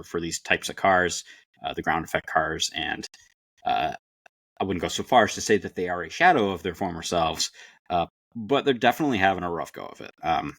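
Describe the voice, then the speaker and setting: Low-voiced man hosting a chat podcast. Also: a bit bright, dry recording. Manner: hesitant, many fillers and restarts. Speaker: podcast co-host. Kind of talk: casual chat.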